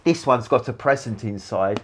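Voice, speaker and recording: A man's voice: mid-range voice, lively intonation, moderate pace, heavy background noise. A man filming a playful vlog in his indoor hallway, talking to himself as he goes. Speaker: YouTuber.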